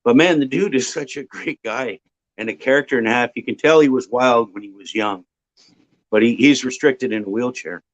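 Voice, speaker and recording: A man from Ontario, a guest casually telling a long, rambling anecdote with filler pauses. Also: medium pitch. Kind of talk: casual storytelling. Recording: dull lo-fi audio.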